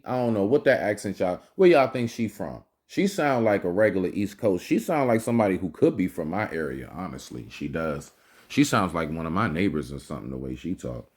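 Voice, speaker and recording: A man's voice: sits low, sing-song, normal speed, a little mellow. A man hosting a reaction video, giving casual, slangy commentary and swearing freely.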